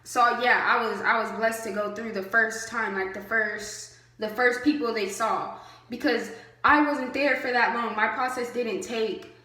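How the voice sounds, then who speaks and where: Young woman, casual vlog storytelling, chatty with fillers, higher voice. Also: fairly even intonation, a little slow, sharp tone. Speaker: vlogger. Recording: roomy echo.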